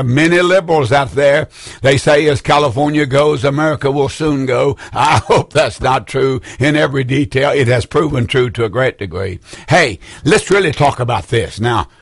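A man's voice: mid-range voice, no room sound. An older man preaching a broadcast sermon from a studio, fervent and rambling, repeating his points for emphasis. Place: indoor studio room.

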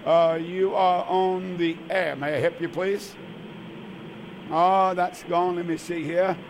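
A man's voice: high-pitched, fairly even intonation, slow, gravelly, a little hiss or hum. An older man, hosting a religious radio call-in show as pastor, emphatic and repetitive. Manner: warm, emphatic, repetitive preacher's talk.

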